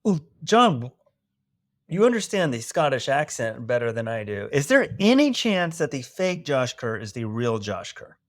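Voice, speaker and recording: A man's voice: mid-range voice, big pitch swings, normal speed, dry recording. A man from Dallas co-hosting a podcast, bantering playfully in casual chat. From Dallas, Texas. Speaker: podcast co-host.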